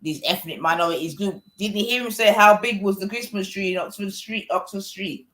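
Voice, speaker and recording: A man's voice: high-pitched, a little fast, pushed and bright. A man in casual, hesitant, slangy podcast chat. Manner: hesitant, filler-heavy, slangy.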